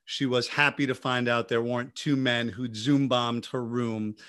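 A man co-hosting a podcast, telling stories in a casual, animated way with many restarts. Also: medium pitch, moderate pace. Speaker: podcast co-host.

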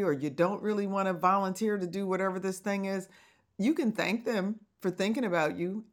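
A woman hosting an advice podcast, talking casually and encouragingly to listeners, with playful asides and laughter. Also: lowish voice. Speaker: podcast host, divorce coach.

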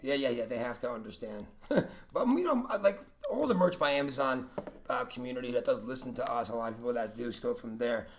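A man co-hosting a podcast, talking excitably and swearing often. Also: medium pitch, brisk, slight background noise. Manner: excitable, swears a lot, repeats himself. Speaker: podcast co-host. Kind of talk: casual podcast chat.

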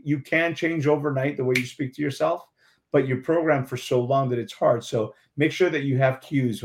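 A man speaking as a guest on a talk show, giving earnest, emphatic motivational advice and repeating affirmations. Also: medium pitch.

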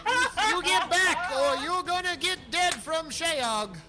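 A man's voice: sits high, big pitch swings, moderate pace, full character voice. Man putting on a folksy, rambling adventurer accent. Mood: fierce. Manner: homespun turns of phrase, rambling and warm-hearted.

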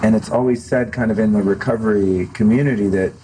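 A man's voice: on the low side, fairly even intonation, fast, dark tone, slight background noise, poor audio. A middle-aged man talking candidly and earnestly as a guest in a filmed interview, reflective and open, often restarting his sentences. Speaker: podcast host as interview guest. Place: studio set for a filmed talk show.

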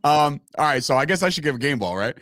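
A man's voice: a little high, lively intonation, quick pace, a bit bright, dry recording, studio quality. A man giving emphatic, profane opinions as a podcast co-host in casual sports chat.

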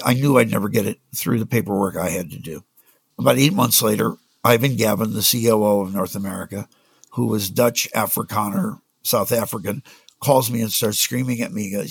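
A man's voice: lowish voice, fairly quick, gravelly, slightly rough, no room sound. A man and music industry executive, a guest telling anecdotes in conversation and acting out the dialogue. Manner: anecdotal, acts out quoted dialogue. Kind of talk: conversational storytelling.

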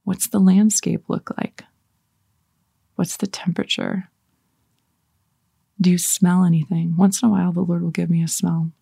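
Woman, prayer leader; husky, dry and close. Slow, soft meditation reading, some lines whispered, chatty asides between. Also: fairly low pitch, level tone, no room sound. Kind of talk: guided scripture meditation.

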